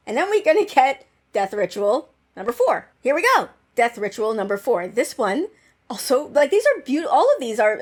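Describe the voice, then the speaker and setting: A woman hosting her own channel, chatting about a TV episode in a rambling, excitable way, full of "like" and gushing bursts. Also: mid-range voice. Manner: excitable and gushing, with quick bursts of squealing delight. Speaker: channel host reviewing a TV episode. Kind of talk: casual chat over episode footage.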